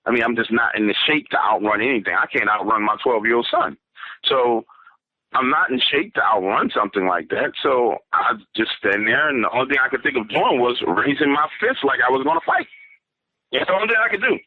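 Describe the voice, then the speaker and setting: Man, mid pitch, earnest halting storyteller, heard over a tinny dry phone line. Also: lively intonation, dry recording. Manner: earnest, halting storyteller with many fillers and restarts. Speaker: guest telling of an encounter.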